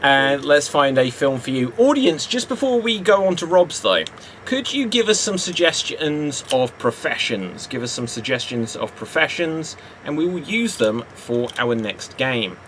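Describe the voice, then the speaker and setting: A man's voice: a little high, sing-song, a little slow, a bit bright, slight background noise. A British man hosting a live improv comedy stream, chatty and upbeat, laughing often. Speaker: improv show host.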